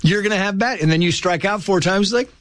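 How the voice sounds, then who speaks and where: Animated man telling stories. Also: high voice, fairly quick, dry recording, clean studio sound. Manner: animated, acts out quoted voices. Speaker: guest. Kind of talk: casual storytelling.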